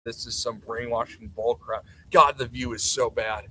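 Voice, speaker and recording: A man's voice: medium pitch, steady tone, normal speed, hardly any pauses, sharp tone, slightly rough, poor audio. A man streaming live, reacting to a TV clip with sarcastic, mocking rants.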